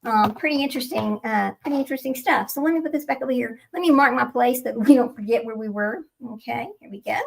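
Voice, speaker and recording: A woman's voice: on the high side, quick pace, vocal fry, few pauses. A woman hosting her own channel, chatting casually and rambling in a distracted, incredulous way while she looks for videos. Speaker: channel host.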